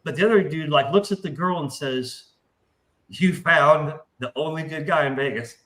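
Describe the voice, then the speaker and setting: A man telling a long anecdote in casual podcast talk, profane and animated, acting out the voices in his story. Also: on the high side, moderate pace, low-quality recording.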